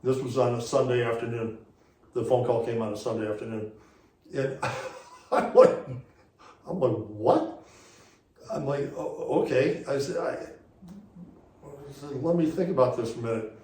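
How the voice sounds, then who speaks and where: A man's voice: mid-range voice, unhurried, pauses often, a little mellow, echoey room, distant mic, poor audio. A man, a guest on an interview show, telling a story casually and rambling, with lots of repeated "he goes" as he retells conversations. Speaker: interview guest, former racing series director.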